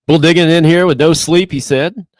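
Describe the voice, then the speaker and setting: A man co-hosts a live stream, passing along questions and chat messages from viewers. His voice sits a little higher than most men's, and he keeps an easygoing tone. The recording is dry and close. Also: steady tone, normal speed, no room sound. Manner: reads questions and super chats, easygoing.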